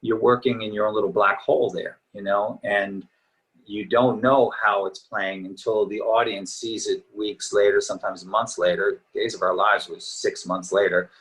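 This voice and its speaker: A man's voice: lowish voice, fairly even intonation, moderate pace, fairly bright tone, low-quality recording. A middle-aged actor chatting as a guest in a casual interview, easygoing and reminiscing, his voice a little tired from talking. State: slightly tired voice.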